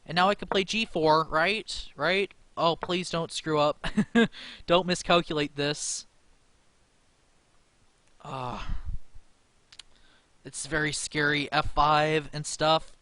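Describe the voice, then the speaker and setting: Young male chess streamer, slow nervous self-talk, bright dry close voice. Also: fairly high pitch, fairly even intonation, no room sound. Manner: anxious, self-talking, laughs nervously. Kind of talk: live game commentary.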